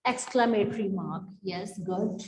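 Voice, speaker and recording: A woman teaching an online English class, explaining slowly and drawing out her words. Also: mid-range voice, a little mellow. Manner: slow, explanatory, drawn-out words. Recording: echoey hall-like room.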